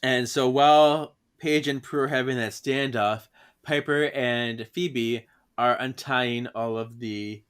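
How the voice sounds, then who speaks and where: A man co-hosting a chatty podcast, walking through a comic's plot at an unhurried pace. His voice sits at an everyday middle pitch, and he breaks into raised, playful voices for the characters' lines, laughing along the way. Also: steady tone, a bit bright, clear, resonant tone. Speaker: podcast co-host. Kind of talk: casual chat retelling a comic.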